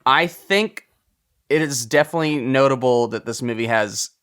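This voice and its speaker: A man hosting a film podcast in casual chat, steering the talk, with sentences that often trail off softly. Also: medium pitch, moderate pace, smooth. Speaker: podcast host.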